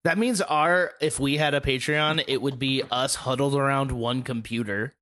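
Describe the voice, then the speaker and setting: A man's voice: medium pitch, moderate pace. A man co-hosting a podcast, joking around in casual banter. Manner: jokey, animated banter. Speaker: podcast co-host. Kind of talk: casual chat.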